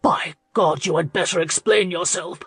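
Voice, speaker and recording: A woman's voice: fairly low pitch, moderate pace, fairly bright tone, husky, dry recording, heavily acted. A woman reader voicing a furious older earl who roars and blusters. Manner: angry, blustering delivery.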